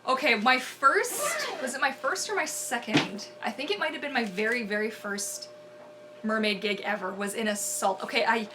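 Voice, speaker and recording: A woman's voice: a little high, animated, normal speed, very noisy. A young woman who performs as a mermaid, chatting casually and animatedly to viewers on a live stream and laughing often.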